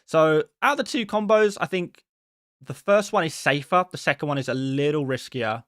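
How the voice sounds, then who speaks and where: A man hosting a casual live stream in a friendly, quick way, reading out viewer messages and answering each one. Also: a little high, a bit bright, dry recording, studio quality. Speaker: host answering viewer questions.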